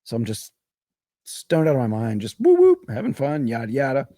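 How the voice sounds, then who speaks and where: A man's voice: mid-range voice, normal speed, warm tone, no room sound, clean studio sound. A man telling a long, rambling, profane story in a casual podcast chat. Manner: rambling, profane, laughs through his own story.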